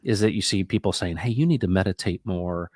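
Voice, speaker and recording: Low-voiced middle-aged man telling stories. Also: fairly quick, dry recording, studio quality. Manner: animated, acts out quoted dialogue; reflective, faith-minded musing. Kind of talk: casual conversational storytelling.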